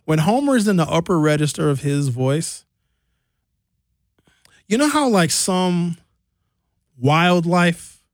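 A man hosting a radio talk show, telling lively stories with impressions. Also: fairly high pitch, slow, long pauses, no echo, clean studio sound. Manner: animated storyteller, slips into impressions. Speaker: radio host. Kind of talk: lively casual radio banter.

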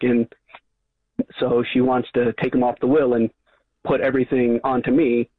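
A man's voice: medium pitch, little pitch movement, unhurried, long pauses, no room sound. A man calling in to a radio talk show by phone, talking hesitantly with many fillers and restarts. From Long Island. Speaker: caller. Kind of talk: phone-in call. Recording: tinny phone line.

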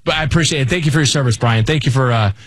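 Excitable male radio host, dry studio. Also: mid-range voice, very fast, no echo. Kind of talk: call-in radio talk.

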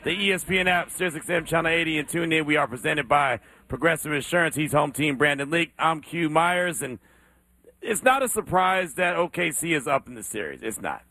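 A man's voice: a little high, animated, brisk, pushed and bright, no echo. A man hosting a sports talk radio show, emphatic and repeating points for effect.

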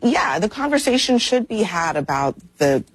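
A woman commentator on a panel, speaking in a measured, deliberate way. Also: medium pitch, very animated, slightly rough, dry recording.

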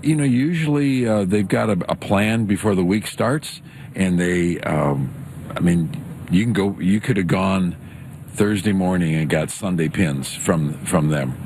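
Casting: male guest, very low voice, hesitant and modest, faint noise. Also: darkish tone. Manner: halting, modest, fumbling. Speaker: golf broadcast guest. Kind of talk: casual interview answers.

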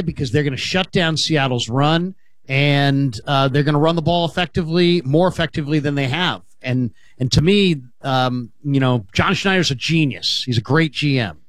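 Sports talk host guy, confident and matter-of-fact, kinda high voice, dry sound. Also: fairly bright tone, dry recording. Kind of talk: sports analysis in a clip.

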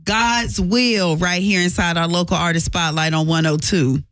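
A woman's voice: fairly low pitch, steady tone, normal speed, fairly bright tone, no echo, studio quality. A woman hosting a morning radio show, upbeat and friendly, stretching out the phone number. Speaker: radio host.

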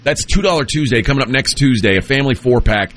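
A man's voice: mid-range voice, quick pace, a bit bright. A man hosting a morning sports radio show, joking and reading aloud with asides. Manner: jokey, reads aloud with asides. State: has the hiccups. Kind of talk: casual morning radio banter.

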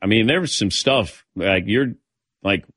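A man's voice: fairly low pitch, animated, unhurried, fairly bright tone, no echo. An older man hosting a casual sports talk show, telling long stories and calling on his co-hosts by name. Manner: storytelling, calls on co-hosts by name. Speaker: host. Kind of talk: casual chat.

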